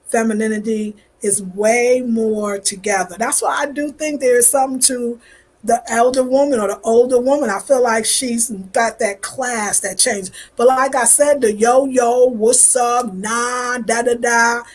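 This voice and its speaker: A woman's voice: fairly high pitch, moderate pace. A woman in her fifties from New York with a New York accent, chatting casually and animatedly with viewers on a live stream. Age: 50s. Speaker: vlogger.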